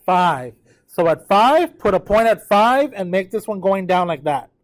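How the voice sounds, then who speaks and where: With a high, sing-song delivery at a measured pace, a tired man teaches math live at a whiteboard. He talks the class through a graph, pausing often to check on his students.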